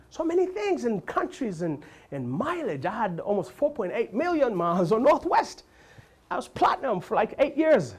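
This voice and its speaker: Lively husky Ugandan storyteller. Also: male voice. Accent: Ugandan English. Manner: animated, acts out characters with big pitch jumps. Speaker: comedian. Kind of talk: stand-up storytelling.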